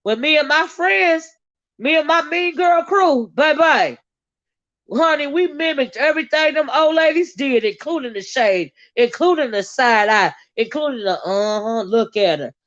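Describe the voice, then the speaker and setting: A woman with a Southern US accent, hosting a casual livestream chat, sassy and quick to laugh, with drawn-out exclamations. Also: sits high, animated, fairly bright tone, dry recording, highs cut off. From American South. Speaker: livestream host reading viewer comments.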